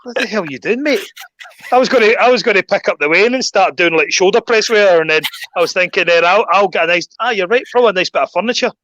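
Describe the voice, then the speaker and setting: A Scottish man chatting on a podcast as a guest, telling animated stories and acting out quotes. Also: high voice, rapid-fire, few pauses, no room sound, highs cut off. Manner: animated storyteller, acts out quotes. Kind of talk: casual podcast chat.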